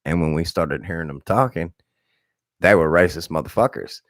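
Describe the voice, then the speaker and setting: A man in his thirties with a very deep voice, slightly hoarse, tells loose stories to his live stream viewers. He talks bluntly and profanely, with lots of animation. The sound is close and dry, with no room around it. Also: moderate pace, dry recording. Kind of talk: rambling casual storytelling.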